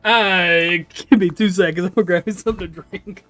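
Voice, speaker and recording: A man's voice: high voice, steady tone, a little fast, bright, forceful tone, soft background music. A man giving casual, joking commentary while playing a game, laughing often. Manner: giggly, joking. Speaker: gaming video creator. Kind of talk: casual let's-play commentary.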